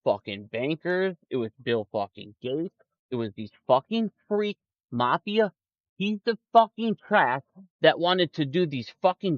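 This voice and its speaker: Streamer type, man, angry and profane ranter, swings his pitch around, dull lo-fi sound. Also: dry recording. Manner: profane, angry ranting with frequent swearing; mocking put-on voices for quoted people. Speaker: stock market streamer. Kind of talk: ranting livestream commentary. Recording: dull lo-fi audio, dry.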